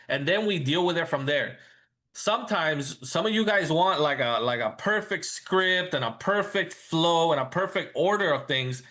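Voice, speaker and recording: A man leads a training session for real estate agents, talking loosely and often stumbling over restarts. His voice sits a bit high for a man. He slips into quick acted bits of agent and client talk. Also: pushed and bright. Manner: casual, repetitive restarts, acts out client talk.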